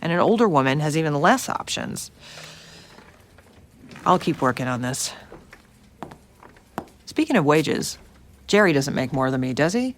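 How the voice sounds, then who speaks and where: A woman's voice: low-pitched, very animated, unhurried, long pauses, slight background noise. An actress playing a wry young female reporter in an audio drama. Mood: plain.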